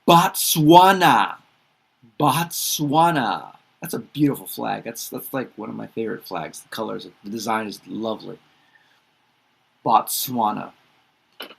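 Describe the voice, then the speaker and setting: Male teacher, relaxed drill of repeated words, animated intonation with a gravelly edge. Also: mid-range voice. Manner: repeats each word slowly, chatty asides; self-correcting, laughs at own slips. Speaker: English teacher. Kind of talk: casual pronunciation lesson.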